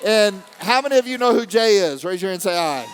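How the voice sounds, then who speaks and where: Motivational speaker guy, pretty high voice, goes quiet then yells, big echoey hall. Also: fast talker, some chatter behind, slight background noise. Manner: animated, swings from quiet to shouting. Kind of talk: motivational talk to a live audience. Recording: long hall reverb.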